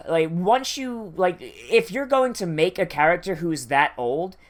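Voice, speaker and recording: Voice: medium pitch, sing-song, takes it slowly. An anime reviewer giving casual reaction commentary, rambling and swearing freely, with many fillers and restarts.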